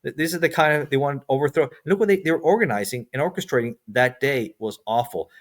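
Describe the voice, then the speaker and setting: A man speaks in loose, conversational bursts about politics, often stammering and restarting his sentences. His voice sits at an ordinary middle pitch. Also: fast talker. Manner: repeats words, stumbles and restarts. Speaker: guest. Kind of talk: casual political chat.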